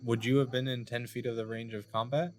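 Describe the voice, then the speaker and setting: A man playing a tabletop game, talking slowly and laughing often. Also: medium pitch, level tone. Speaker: player.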